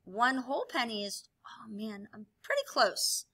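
A woman teacher explaining a lesson while she demonstrates with objects, upbeat and clear. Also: on the high side, animated, unhurried, sharp tone. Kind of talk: classroom video lesson.

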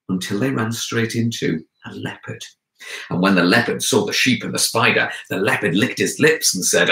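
Animated male storyteller for kids, low and forceful, echoey room. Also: normal speed. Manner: animated, expressive, speaks to listeners directly. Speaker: children's author and storyteller. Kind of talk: storytelling for children.

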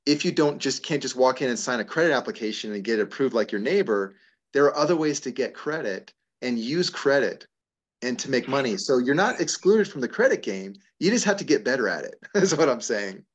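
A man's voice: mid-range voice, brisk, slightly rough, highs cut off. A middle-aged man hosting a casual advice talk, answering a caller's questions and telling stories with frequent laughs. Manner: animated, storytelling with laughs. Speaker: host answering member questions.

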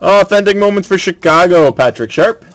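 A man's voice: high voice, animated, muffled recording. Man calling out hockey card pulls. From Canada. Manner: brisk, matter-of-fact announcing. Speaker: card break host.

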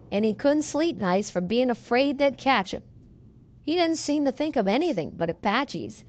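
A woman's voice: a little high, natural voice. A woman reading an audiobook, voicing a folksy male cowboy telling a tall tale in a drawling frontier dialect. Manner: drawling frontier dialect, leisurely yarn-spinning. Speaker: audiobook reader. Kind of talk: audiobook reading of a western yarn.

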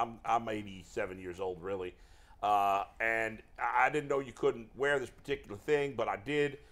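A man's voice: mid-range voice, gravelly, fairly bright tone. A man playing a rambling old male baseball manager with a put-on Southern accent in a comedic impression. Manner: rambling, chuckling confessions. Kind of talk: comedic role-play impression.

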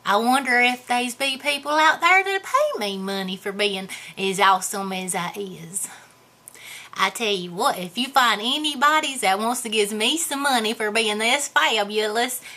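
A woman's voice: on the high side, pushed and bright. A woman playing a goofy, boastful character in a comedy vlog, talking in a rambling, self-mocking way. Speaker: vlogger answering viewer questions.

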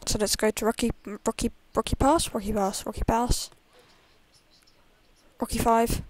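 A woman's voice: on the high side, steady tone, normal speed. A woman playing a video game, chatting casually and reading the in-game dialogue aloud. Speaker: let's play gamer. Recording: loud background noise.

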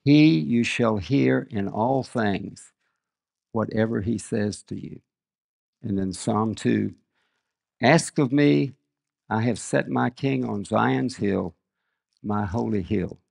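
A man's voice: fairly low pitch, takes it slowly, creaky, pauses often, a little mellow. An older man preaching a sermon, reading scripture aloud and telling earnest stories about his own family. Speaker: guest preacher. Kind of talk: sermon with personal storytelling.

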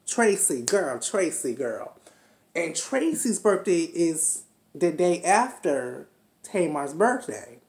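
A man vlogs a review of a TV episode as a sassy, profane, chatty, unscripted rant to camera, calling his viewers "honey" and "child." His darkish voice is a little high with big pitch swings and a slow pace, recorded in an echoey room at home.

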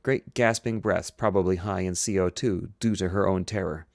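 Man, audiobook narration, low voice, dead dry sound, rereads slips. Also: steady tone, normal speed, gravelly, no echo. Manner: reads, stops and rereads slipped lines. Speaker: audiobook reader.

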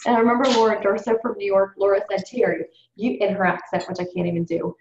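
An upbeat woman coaches her sales team through a call, chatty and direct. Her voice sits at a middle pitch. The audio is roomy and a little dull, with a faint hiss behind it. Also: quick pace, a little mellow. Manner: upbeat, coaching tone, addresses group as you guys. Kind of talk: training call talk. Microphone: call or webinar.

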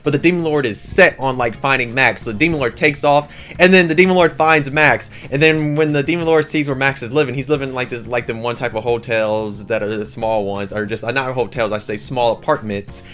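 A man giving a casual anime review with a slangy, excitable, rambling way of telling the story. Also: medium pitch, a little fast, few pauses.

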